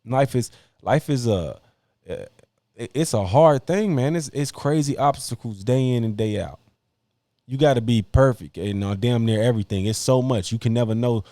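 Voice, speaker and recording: A man's voice: medium pitch, normal speed, dark tone, dry recording, clean studio sound. A young man hosting a podcast, talking bluntly in slang and preaching hard-work advice to other men. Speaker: podcast host. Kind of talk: casual podcast debate, preachy monologue.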